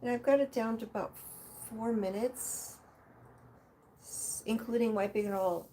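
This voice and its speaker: A woman's voice: fairly high pitch, measured pace, warm tone. Easygoing woman, faint hiss. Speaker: client and guest. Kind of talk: casual chat.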